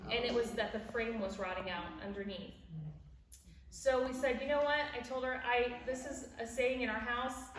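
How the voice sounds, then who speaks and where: A woman's voice: a little high, fairly even intonation, normal speed. A woman in her forties telling a personal story at a church event, laughing as she goes and acting out the people she quotes. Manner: warm storytelling, laughs at her own stories, acts out quoted voices. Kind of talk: personal story with a devotional message. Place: church hall. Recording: echoey hall from far off with background noise.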